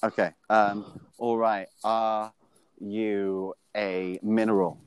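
A man's voice: lowish voice, level tone, slow pace, clean tone, no room sound. A man co-hosting a casual podcast, rambling in an easygoing, slangy way over a remote call. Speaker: podcast co-host.

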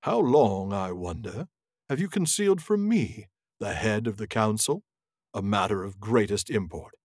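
A man voicing a scornful, proud old male wizard in a slow, grave, sneering reading. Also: lowish voice, animated, darkish tone, dry recording, clean studio sound. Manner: slow, grave, scoffing delivery. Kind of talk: reading a novel aloud in character voices.

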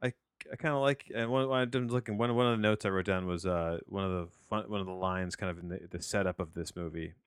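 A man with a very low, smooth voice talks through a film review in a loose, rambling podcast style. He restarts his sentences often and drops in wry asides. The sound is close and dry. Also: fairly even intonation, quick pace, no echo. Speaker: podcast host reviewing a movie. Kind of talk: casual rambling movie review.

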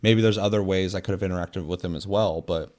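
Speaking quickly in a low, slightly mellow voice with fairly even intonation, this young man chats casually on a podcast. His storytelling is rambling and profane, full of fillers.

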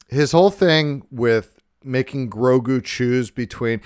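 Podcast host, excitable profane ranting, smooth tone, mid pitch, dry close sound. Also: male voice, extremely slow, long pauses, dry recording. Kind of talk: casual podcast chat.

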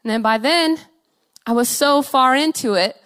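A young woman giving an earnest, emotional testimony sermon, her voice swinging between soft and loud, with laughs between phrases. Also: high voice, normal speed, clean tone.

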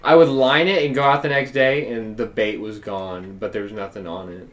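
A man co-hosting a casual podcast, telling rambling stories with loose, expressive delivery. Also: on the low side, normal speed. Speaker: podcast co-host.

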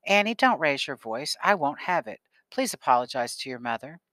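A man voicing a stern measured father. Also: a little high, very animated, sharp tone, no echo. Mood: firm. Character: stern fair-minded father.

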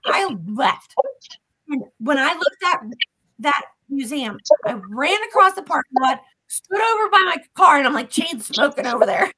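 A woman guest on a podcast, casually retelling a story in an animated, profane way. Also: sits high, normal speed, low-quality recording.

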